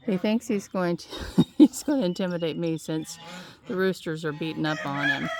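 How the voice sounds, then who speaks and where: A woman's voice: on the low side, moderate pace. Chatty woman amid noisy poultry pens. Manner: chatty, coos softly at her birds. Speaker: farm vlogger. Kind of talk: casual farm vlog chat. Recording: loud clucking and honking fowl.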